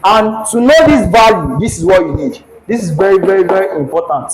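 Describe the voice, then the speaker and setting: A man with a high voice lectures a class at the board. He drills the students by repeating his own questions until they answer. Faint room noise sits under the recording. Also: animated, brisk.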